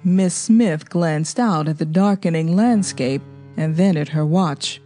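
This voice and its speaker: Mellow-voiced woman reading a novel aloud. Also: low-pitched, faint music behind. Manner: steady, even, measured storytelling. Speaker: audiobook narrator. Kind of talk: scripted narration.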